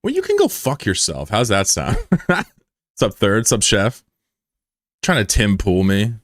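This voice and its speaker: Low-voiced joking male streamer. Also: wildly swooping pitch, a little slow, dry recording, studio quality. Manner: joking and profane, banters with chat. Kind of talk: casual live-stream chat.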